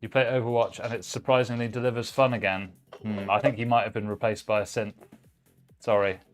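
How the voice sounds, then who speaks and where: A man with a somewhat low voice talks a little fast, with faint music in the background. Hosting a live stream, he assembles a PC and keeps up relaxed, chatty conversation, reading viewers' messages aloud mid-task.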